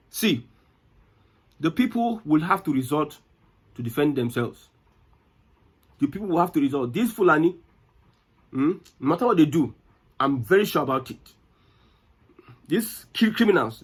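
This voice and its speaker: A man's voice: fairly high pitch, expressive, normal speed, long pauses, husky. A Nigerian man giving impassioned political commentary, indignant, firing rhetorical questions and repeating phrases. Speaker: news commentator.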